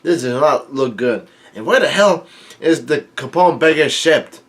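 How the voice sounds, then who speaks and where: A man casually reading through and commenting on a comic chapter, halting with fillers and restarts. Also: on the high side, expressive, a bit bright. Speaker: manga reaction host.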